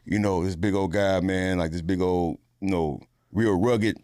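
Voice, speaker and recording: A man, an actor, chatting casually in an interview, relaxed and slangy with lots of fillers. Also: low-pitched, a little slow, dry recording, clean studio sound. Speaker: actor guest.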